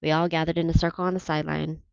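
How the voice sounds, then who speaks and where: Woman reader, steady novel narration, low and gravelly; dry lo-fi take. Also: rapid-fire, no echo. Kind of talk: reading a novel aloud. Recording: dull, dry lo-fi recording.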